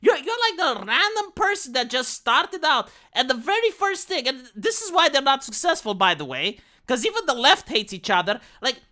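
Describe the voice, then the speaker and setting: Bright, animated woman ranting on stream. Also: high-pitched, moderate pace, hardly any pauses. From Romania. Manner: blunt, sweary ranting with many restarts. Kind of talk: casual live-stream commentary.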